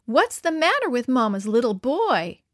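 A woman's voice: fairly high pitch, very animated, normal speed, dry recording, clean studio sound. A woman voicing a cocky boy who taunts his friend with sarcastic jeers. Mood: taunting. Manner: sarcastic, mocking.

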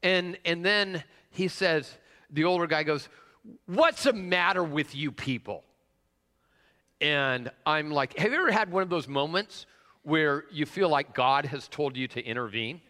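Pastor guy preaching, kinda high bright voice, lots of uh's, echoing around a big church. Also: normal speed, clear, resonant tone. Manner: conversational, frequent "uh" fillers, asks the congregation questions. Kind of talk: sermon with personal story. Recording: long reverb of a large hall.

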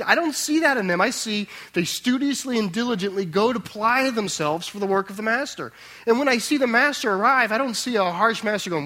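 Man preaching, high voice, dramatic sermon, loud emphasis then soft asides. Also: lively intonation, fairly quick. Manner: dramatic, swings between loud emphasis and quiet tender asides; acts out the master's voice in quotes. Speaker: pastor.

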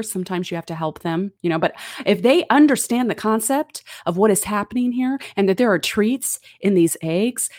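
A woman's voice: medium pitch, dry recording, clean studio sound. A middle-aged woman giving a conversational, earnest Bible teaching with casual asides.

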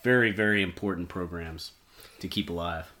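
Laid-back lower-voiced male host. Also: normal speed, bright, forceful tone. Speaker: podcast host. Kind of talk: casual interview chat.

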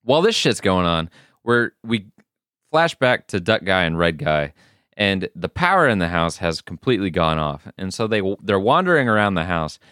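Deep-voiced man cursing casually. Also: fairly bright tone, smooth, no room sound, clean studio sound. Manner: profane, rambling, lots of fillers. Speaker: podcast co-host. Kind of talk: casual recap chat.

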